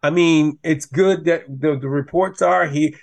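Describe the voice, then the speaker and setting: A man, a former college running back, talking football as a guest in a passionate, animated way that rises when he gets riled up. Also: on the high side, unhurried, creaky. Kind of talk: casual sports talk.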